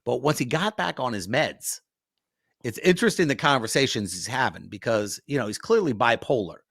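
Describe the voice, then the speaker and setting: A man's voice: medium pitch, expressive, fairly quick, gravelly, fairly bright tone, breathy edge, no echo, clean studio sound. A man co-hosting a comedy talk radio show, musing in a conversational way.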